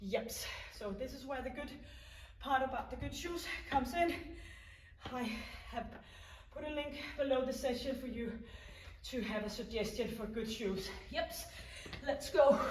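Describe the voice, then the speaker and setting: A woman's voice: sits high, animated, a little slow, pauses often, a little hiss or hum. A woman leading a home workout, counting down reps and encouraging the listener as she coaches. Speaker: fitness instructor. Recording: echoey room, mic at a distance.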